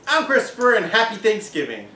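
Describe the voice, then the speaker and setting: Relaxed guy co-hosting, somewhat high voice, sounds distant in a roomy space. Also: a little fast. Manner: laid-back, agreeing, repeats "pretty much". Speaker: co-host of a reaction show. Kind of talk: casual recap chat. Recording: echoey room, mic at a distance.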